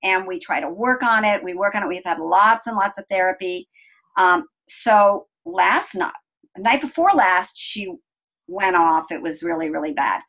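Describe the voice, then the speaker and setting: A woman's voice: on the low side, poor audio. Earnest middle-aged woman telling a story. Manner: earnest, gentle, slows down to stress calm moments. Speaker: interview guest. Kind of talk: personal storytelling.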